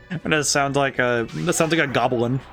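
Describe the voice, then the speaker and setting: A man giving casual live-stream commentary on a game he is playing, excitable, laughing often and thinking aloud. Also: medium pitch, moderate pace, vocal fry, soft background music.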